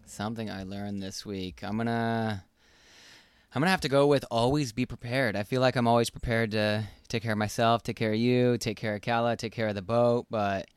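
A man's voice: medium pitch, fairly even intonation, fairly quick, clean tone, no room sound, studio quality. A man co-hosting a casual podcast, joking and chuckling as he talks. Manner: joking, chuckles through his lines. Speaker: podcast co-host. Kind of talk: casual chat. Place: boat.

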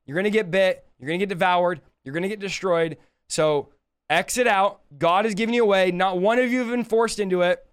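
A man preaching emphatically while answering viewer questions on a live stream, his voice rising to loud exclamations. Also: sits high, brisk, clear, resonant tone.

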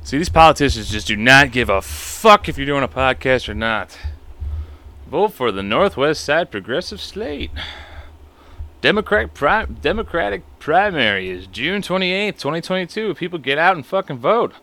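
A man in his thirties hosts a podcast solo, reading stories aloud and breaking into laughing, profane commentary. His voice sits high with big pitch swings, normal speed, and a pushed, bright quality.

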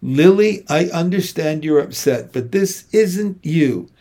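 A man's voice: on the high side, animated, slow, dark tone, exaggerated voice. A man reading an audiobook, voicing a worried and stern mother with tense, scolding questions. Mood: upset. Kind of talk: audiobook character voice.

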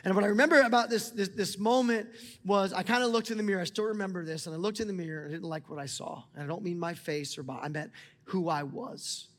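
A man in his forties preaching a sermon as a pastor, talking with passion and rising to near-shouts as he speaks to God aloud. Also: sits high, fast. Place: church auditorium. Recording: large hall with long reverb, music beneath.

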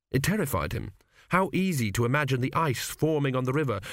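Measured male audiobook narrator, dry studio sound. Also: medium pitch, a bit bright, no echo.

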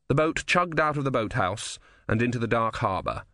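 A man with a medium-pitched voice narrates a novel as an audiobook, telling the story in an even, measured manner. It's scripted narration, recorded with clean studio sound and no room sound.

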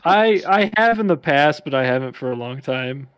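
A man's voice: medium pitch, animated, normal speed, a bit bright, smooth, no room sound. A man co-hosting a casual podcast chat, rambling with lots of fillers. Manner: rambling, filler-heavy, self-mocking. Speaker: podcast co-host.

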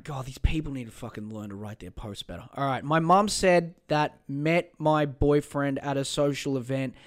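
A man hosts a casual solo podcast in a slightly higher-than-average voice. He rambles, swears freely and mutters filler to himself. He pokes fun at himself along the way. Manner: rambling, profane, self-mocking, mutters while searching. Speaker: podcast host.

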